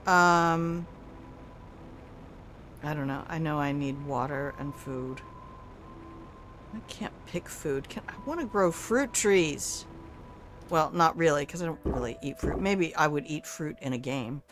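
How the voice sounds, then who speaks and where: A woman's voice: low voice, a little slow, long pauses, background noise. An older woman chatting casually as she streams a video game. She talks back to the game and swears offhandedly. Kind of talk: casual live-stream gameplay commentary.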